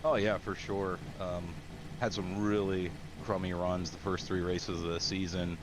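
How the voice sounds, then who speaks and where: Man, very deep voice, flat, hesitant driver interview, clear background noise. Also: measured pace. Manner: hesitant, many fillers. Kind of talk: post-race interview.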